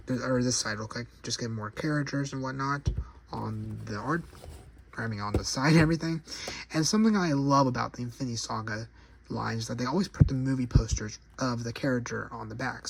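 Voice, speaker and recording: A man's voice: mid-range voice, gravelly, a little hiss or hum. A man casually reviewing an action figure, rambling and correcting himself as he goes. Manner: rambling, self-correcting, chatty. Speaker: toy collector reviewer.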